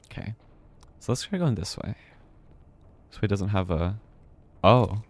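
A man whose voice is somewhat low plays a horror game live, reacting out loud to each development in a casual, chatty commentary. He sounds animated yet unhurried, apparently speaking into a desk mic at home.

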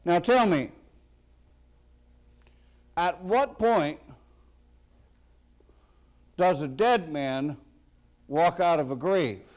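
A man preaching a sermon as a pastor, slow and deliberate with sudden loud emphatic bursts. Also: fairly high pitch, expressive.

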